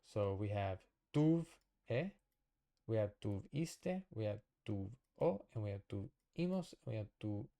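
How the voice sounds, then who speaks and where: A man teaching a casual lesson at a whiteboard, explaining slowly and patiently, often checking with "okay?". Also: fairly low pitch, very animated, dark tone. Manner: slow, patient explaining with fillers and repeated checks. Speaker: Spanish teacher.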